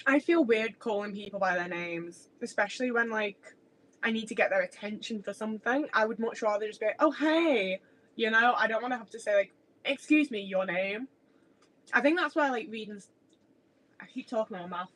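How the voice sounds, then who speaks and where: A young woman talking on a relaxed home livestream, her words wandering from one thought to the next. She swears freely and pokes fun at herself, and her voice sits at an ordinary middle pitch. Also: brisk, poor audio. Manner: rambling, sweary, self-deprecating. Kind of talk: casual livestream chat. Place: home kitchen.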